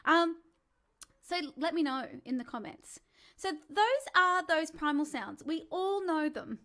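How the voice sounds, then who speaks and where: A woman's voice: extremely high pitch, big pitch swings, a little slow, bright, forceful tone. A woman, teaching a live-streamed singing lesson in a chatty, encouraging way and demonstrating vocal sounds. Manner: chatty and encouraging, demonstrates sighs, whimpers and calls. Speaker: singing coach.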